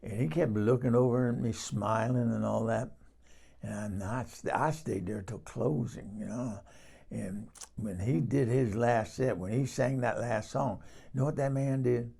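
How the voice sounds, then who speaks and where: A man acts out a bawdy older Southern woman spinning a comic tale, full of swoony exclamations and confiding asides. Her voice is gravelly and sits at an ordinary middle pitch. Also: a little slow, warm tone. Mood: gossipy. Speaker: comedic character storyteller. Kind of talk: comic monologue in character.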